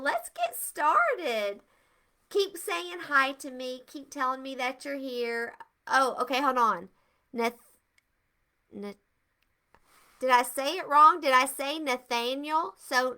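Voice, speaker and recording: A woman's voice: high-pitched, sharp tone. An older woman, hosting a live etiquette show for kids and greeting viewers with bubbly enthusiasm. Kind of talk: live-stream lesson for kids.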